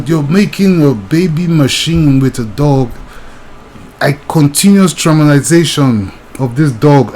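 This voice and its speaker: A man's voice: a little high, a little mellow, a little hiss or hum, poor audio. A young man, ranting agitatedly and talking straight to the viewer in video commentary.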